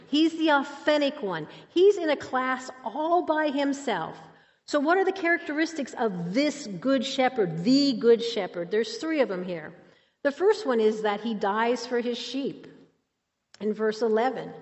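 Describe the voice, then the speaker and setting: A woman teaching a Bible lesson from scripture, emphatic and asking her listeners questions. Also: on the high side. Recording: dull, hall reverb.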